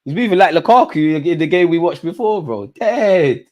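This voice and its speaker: A man's voice: a little high, expressive, normal speed, a little mellow. A young man with a London accent hosting a live football watch-along. He chats and banters with viewers in slang-heavy, playful talk. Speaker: streamer host.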